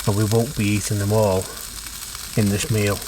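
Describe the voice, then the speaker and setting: Low-voiced guy in a camper van, dry jokes, bit of background hiss. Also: level tone, moderate pace. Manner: dry, self-mocking jokes. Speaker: vlogger. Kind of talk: casual chat.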